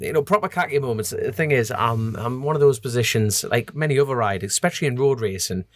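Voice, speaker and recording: A man's voice: mid-range voice, fast. A man from the North East of England with a North East English accent, a motorbike road racer telling stories in a casual podcast chat and acting out other people's voices as he goes. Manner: lively storyteller who acts out other people's voices.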